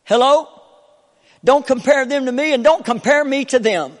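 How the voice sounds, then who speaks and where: A man preaching a Pentecostal sermon from the pulpit, repeating short call-outs to the congregation and swinging between soft talk and fervent preaching. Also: very high-pitched, normal speed, in a large hall. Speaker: pastor. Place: church sanctuary.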